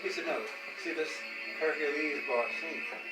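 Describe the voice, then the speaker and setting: A man's voice: fairly high pitch, normal speed. An older man from the American South telling a family story casually, rambling and repeating words, often laughing as he talks. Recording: echoey room, distant mic, loud music behind.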